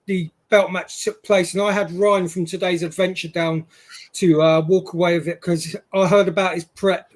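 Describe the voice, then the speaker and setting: A British man with a high-pitched voice hosts a casual live chat show over a video call. He asks friendly, chatty questions and drops short, eager replies while his guest talks. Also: little pitch movement, moderate pace. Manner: brief backchannels, chatty questions. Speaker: host. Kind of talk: casual live-stream interview.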